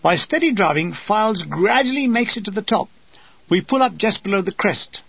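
A man reading a wartime memoir aloud with dry comic timing, lively voices for the quoted soldiers. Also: high voice, moderate pace, creaky, slightly rough, dry recording, lo-fi sound. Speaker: narrator.

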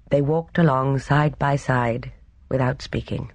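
An audiobook narrator reading a mystery novel in a steady, clear storytelling manner. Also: mid-range voice, measured pace, no echo.

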